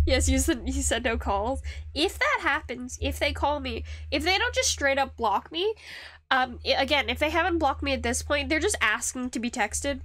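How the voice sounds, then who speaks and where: A young woman streamer chatting casually while she carves wood, rambling and laughing often, with a high-pitched voice. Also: expressive, moderate pace, fairly bright tone, no room sound. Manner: rambling, with restarts and frequent laughs. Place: home streaming setup.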